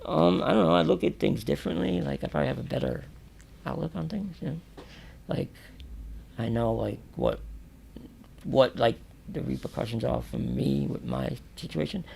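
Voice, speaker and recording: A New York man, interviewed in a radio or podcast studio, speaks at normal speed in a mid-range voice with vocal fry and a breathy edge, sometimes pausing at length. He tells prison stories casually and with animation, swearing freely and acting out what people said with loud exclamations.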